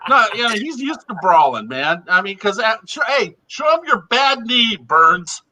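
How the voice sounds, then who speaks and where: An older man chatting as a guest on a live show, animated and joking, often stumbling into restarts. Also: sits high, normal speed. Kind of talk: casual chat.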